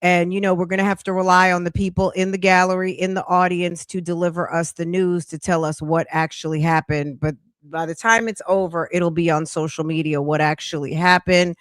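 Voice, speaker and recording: A woman's voice: on the low side, flat delivery, brisk, no room sound, studio quality. A woman reacting to a court livestream as a commentary streamer, her speech rising into incredulous outbursts.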